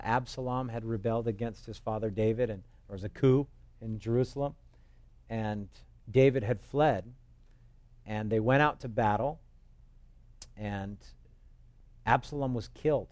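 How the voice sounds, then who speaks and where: A man preaches as pastor at a measured pace with long pauses, his mid-range voice a little mellow and free of room sound. The expository sermon wanders through stories told conversationally, with jokes along the way and quoted voices acted out.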